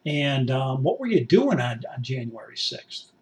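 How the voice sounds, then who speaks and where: A man's voice: mid-range voice, big pitch swings, a little slow. Man asking long rambling questions. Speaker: interviewer. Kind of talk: satirical mock interview.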